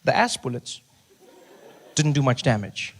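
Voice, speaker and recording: A young adult man telling a stand-up story on stage into a handheld mic, animated and exasperated. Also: medium pitch, measured pace. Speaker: stand-up comedian. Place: comedy stage.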